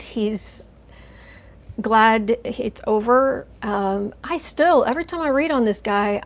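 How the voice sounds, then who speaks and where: Gravelly-voiced woman chatting on a stream. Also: fairly high pitch, slight background noise. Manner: chatty, rambling, coos softly to her cat. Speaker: tarot reader, channel host. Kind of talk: casual live-stream chat.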